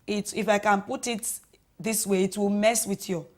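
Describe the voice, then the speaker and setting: Brief: Nigerian woman, guest doctor on call-in radio, measured advice, mid-pitched voice. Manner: calm, measured, advising.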